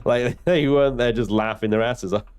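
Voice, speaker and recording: A man's voice: mid-range voice, moderate pace, darkish tone, smooth. A man commenting on a live space game stream, chatty and joking at his own expense. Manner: chatty, jokey, self-mocking.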